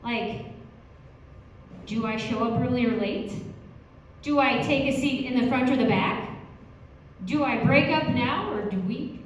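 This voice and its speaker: Chatty high-voiced woman doing standup. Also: measured pace, long pauses. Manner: chatty, peppered with "you know". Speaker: standup comedy student. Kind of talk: standup comedy set. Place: comedy stage. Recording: echoey room from a distant mic with faint noise.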